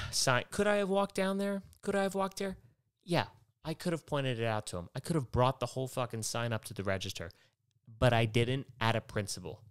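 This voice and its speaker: A man's voice: medium pitch, clear, resonant tone. A man hosting a podcast, telling a rambling comic story as a profane, exasperated rant. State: worked up and tired by the end. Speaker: podcast host. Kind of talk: rambling comedic monologue.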